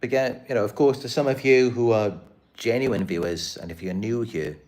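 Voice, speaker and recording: A man's voice: medium pitch, moderate pace, a little mellow. A man hosting his own channel, talking to camera in an earnest, repetitive, aggrieved live-stream monologue. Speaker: channel host.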